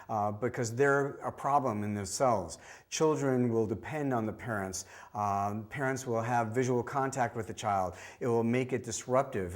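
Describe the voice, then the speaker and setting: A man leads a hands-on workshop, speaking at an ordinary mid pitch. He is practical and direct, walking trainees through a procedure and pressing the same key points again and again. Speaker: hearing conservation specialist. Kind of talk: instructional demonstration.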